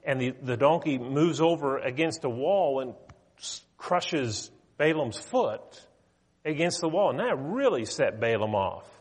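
Man, preacher, storytelling sermon, conversational, mid-pitched, long hall reverb. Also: measured pace, husky. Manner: conversational, animated retelling.

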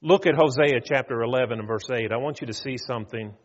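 A man preaching a sermon in an earnest, pleading way, asking his listeners questions and slowing down to stress his points. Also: medium pitch, long reverb tail, muffled recording. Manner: earnest, pleading, rhetorical questions, slows for emphasis.

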